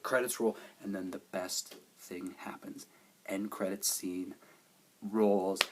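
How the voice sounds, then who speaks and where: A man's voice: on the low side, husky. A man giving a casual movie review, eagerly retelling the plot in a rambling way.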